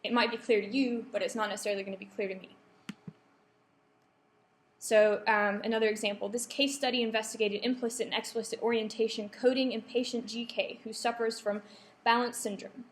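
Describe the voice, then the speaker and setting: A woman's voice: a little high, fairly even intonation, brisk, slight background noise. Woman lecturing with ums in a roomy hall. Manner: explanatory, with frequent ums and self-corrections. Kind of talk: academic writing workshop talk. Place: lecture room. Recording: echoey lecture room.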